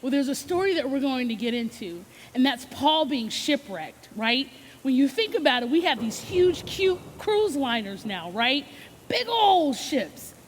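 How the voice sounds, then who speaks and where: A woman's voice: sits high, big pitch swings, moderate pace, in a large hall, a little hiss or hum. A woman hosting a children's Bible lesson, upbeat and coaxing, often checking in with "right?". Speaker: children's ministry host.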